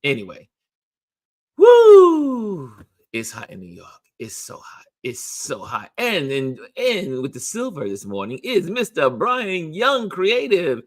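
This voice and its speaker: A man's voice: sits high, takes it slowly. A man hosting a daily live stream, chatting casually and reading out viewer comments, repeating phrases in a chatty way. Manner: chatty, repeats phrases, lively sing-song delivery. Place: New York.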